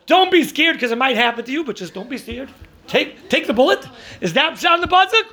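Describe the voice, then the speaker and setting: A man, a rabbi, teaching a class on the weekly Torah portion, telling stories lively, acting out the people he quotes and mixing in Hebrew and Yiddish terms. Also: very high-pitched, fairly quick.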